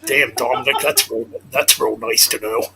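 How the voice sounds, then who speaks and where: A man's voice: medium pitch, steady tone, normal speed, gravelly, crowd noise. A laid-back man in a casual podcast chat, mostly chiming in with short replies.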